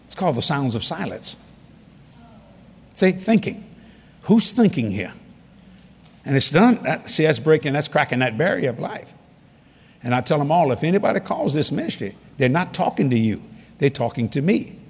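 A man preaching with a husky, slightly high voice that swings widely in pitch. He tells funny stories and repeats key lines for emphasis. His voice rings out with a long echo through a big hall. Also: sing-song, normal speed, long pauses. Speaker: preacher leading a ministry. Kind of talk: humorous storytelling sermon. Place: large hall with an audience. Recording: long reverb of a large hall.

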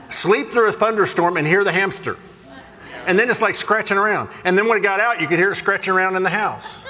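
Bright-voiced preacher joking in a hall. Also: male voice, sits high. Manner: animated, jokey, self-deprecating. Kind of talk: humorous sermon storytelling.

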